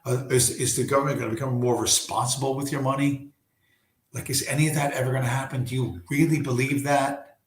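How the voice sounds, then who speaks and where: A man hosting a casual late-night livestream from home, hoarse and losing his voice, talking in a rambling, profane way full of restarts. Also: mid-range voice, fairly even intonation, fairly quick, echoey room. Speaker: livestream host.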